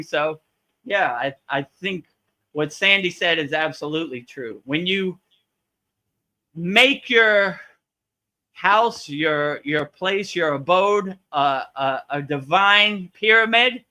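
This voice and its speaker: A man's voice: fairly high pitch, expressive, slow pace, sharp tone. A man hosting a live spiritual Q&A, chatting casually and animatedly, acting out quotes and laughing often. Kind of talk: live Q&A chat, storytelling.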